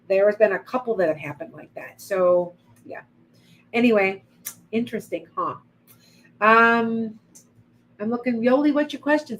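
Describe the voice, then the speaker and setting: A woman's voice: mid-range voice, slight background noise, poor audio. A middle-aged woman giving rambling psychic readings on a live stream. She greets viewers by name as she goes. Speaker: psychic medium.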